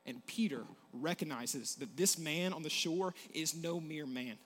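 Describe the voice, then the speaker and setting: A man preaching a sermon, swinging between loud emphasis and hushed, intimate passages. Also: on the high side, a little slow, in a large hall.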